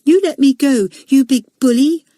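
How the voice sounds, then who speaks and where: A high, bright little schoolboy voice, as a woman reader puts him on, cheeky and stubborn. He jumps up sharply in pitch and stays bold and defiant in a storybook telling. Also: very animated, normal speed, no room sound. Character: small cheeky schoolboy, brave and obstinate.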